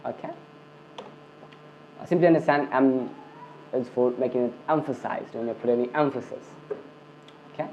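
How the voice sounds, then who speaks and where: A man's voice: mid-range voice, normal speed, long pauses, slight background noise. A man giving a screencast coding lesson, filling his talk with "okay" and "I mean" and often restarting his sentences. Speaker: coding tutor. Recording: dull lo-fi recording.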